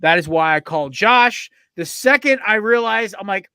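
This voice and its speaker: A man hosting a casual sports podcast, telling stories in an excitable, profane way with lots of asides. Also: high-pitched, normal speed, clean tone, dry recording. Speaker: podcast host.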